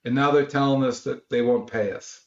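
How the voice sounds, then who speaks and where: A man's voice: medium pitch, fairly even intonation, moderate pace. A man from Los Angeles, an author and guest, telling a story and acting out quotes with a raised voice. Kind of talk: animated storytelling. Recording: roomy, slightly dull audio.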